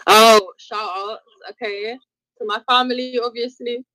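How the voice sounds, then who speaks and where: A woman's voice: fairly high pitch, fairly even intonation, unhurried, bright, forceful tone, dry recording, rough recording. A British woman, a musician, chatting as a guest on a podcast in a friendly, easygoing way. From United Kingdom. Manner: friendly, easygoing, laughs readily. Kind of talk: casual interview chat.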